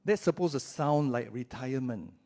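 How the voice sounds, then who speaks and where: A man's voice: medium pitch, lively intonation, normal speed, creaky, a little mellow. A male pastor preaching a sermon in a church in a conversational way, often checking in with his listeners and drawing out key words for emphasis.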